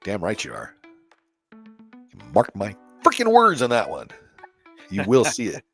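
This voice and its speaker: A man's voice: on the low side, wildly swooping pitch, a little slow, creaky, fairly bright tone, slightly rough, faint music behind. A man hosting a casual opinion podcast, blunt and profane, laughing often. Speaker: podcast host.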